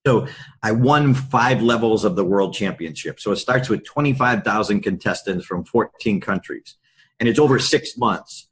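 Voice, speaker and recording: A middle-aged man, a podcast guest and public speaker, telling candid stories in a lively anecdotal way. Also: lowish voice, moderate pace. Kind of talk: storytelling in a podcast interview.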